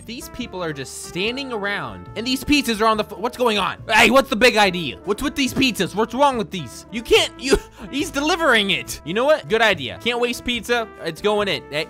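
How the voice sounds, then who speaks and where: A young man giving jokey, excitable gameplay commentary, laughing and shouting as he plays. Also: high-pitched. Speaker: gaming video creator.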